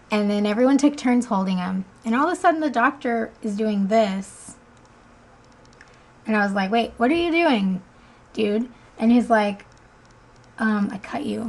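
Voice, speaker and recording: A woman's voice: fairly high pitch, lively intonation, measured pace, pauses often, rough recording. A woman in her twenties casually telling the story of her son's birth, chatty with frequent ums and easy laughter. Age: 20s.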